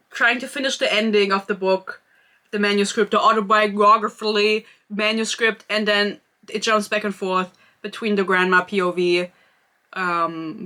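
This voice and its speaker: A woman's voice: medium pitch, sharp tone. A woman from Germany, giving a casual, sarcastic book review full of chatty asides.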